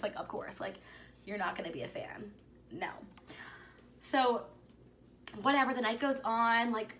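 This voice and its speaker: Young woman, vlogger, casual storytelling, gushing, bright tone, middle pitch. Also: slight background noise. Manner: excited, gushing, many "like"s, dropping to whispers.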